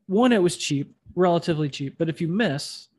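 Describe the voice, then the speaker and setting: Man, nasal voice, slightly high pitch, rambling casual podcast talk. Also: lively intonation, fairly quick, darkish tone, breathy edge. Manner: rambling, self-deprecating, chatty. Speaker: podcast host. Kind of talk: casual chat.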